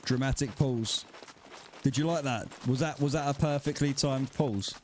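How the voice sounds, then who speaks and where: A man's voice: medium pitch, normal speed, darkish tone. Man, live game streamer, casual banter, swears freely, faint background noise. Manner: chatty, swearing banter with viewers. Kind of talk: casual livestream chat.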